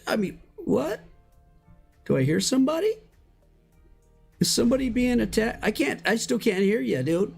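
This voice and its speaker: A streamer chatting live over gameplay in slangy, excitable talk that breaks into high shouts and exclamations. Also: moderate pace, vocal fry, pauses often, breathy edge, soft background music. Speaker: Minecraft streamer.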